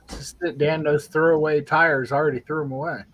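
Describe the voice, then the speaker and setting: A man chatting casually as a guest on a live stream, folksy and quick to laugh. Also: a little high, fairly even intonation, a bit bright, rough recording. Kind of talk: casual chat.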